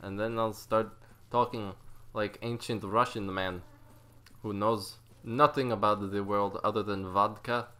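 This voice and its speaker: A man hosting a let's play, giving casual, excitable and self-mocking commentary, often talking to the enemy on screen. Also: fairly low pitch, a little slow.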